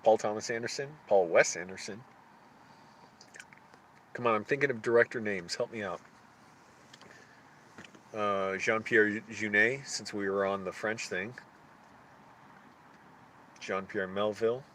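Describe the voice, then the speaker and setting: A man with a fairly low voice chats casually on a live stream, musing to himself and stumbling as he hunts for names. He trails off, restarts, and asks his viewers for help. A faint hiss of noise sits under the voice. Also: fairly even intonation, a bit bright. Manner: thinking aloud, halting and searching for names.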